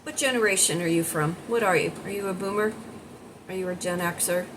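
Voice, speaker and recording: A woman in her sixties talks to her viewers in a low, unhurried voice, rambling from one thought to the next. Her casual morning chat is recorded at home over clear background noise. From United States. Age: 60s. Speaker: vlogger and life coach.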